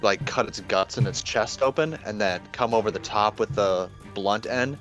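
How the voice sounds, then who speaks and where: A man's voice: on the low side, moderate pace, fairly bright tone, faint music behind. A man playing a tabletop game who describes his character's attacks in a casual, hesitant way. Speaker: player.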